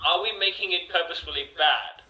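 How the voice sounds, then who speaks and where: A man with a very bright voice cracks deadpan jokes as an improv player. His mic picks up a noticeably echoey room. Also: high voice, fairly quick. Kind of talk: casual improv banter.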